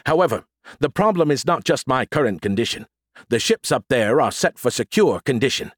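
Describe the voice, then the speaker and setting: A man's voice: medium pitch, animated, brisk, no room sound, clean studio sound, lightly acted. A man voicing an arrogant, sarcastic male alien AI in an audiobook, snarky and theatrical. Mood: lecturing. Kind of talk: audiobook character voice.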